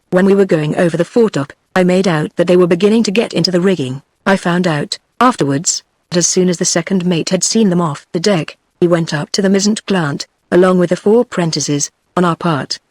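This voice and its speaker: A text-to-speech voice of a woman with a British English accent, reading a novel aloud in the same even delivery for narration and dialogue. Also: on the low side, no echo, studio quality. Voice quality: even synthetic delivery, quoted lines read in the same voice.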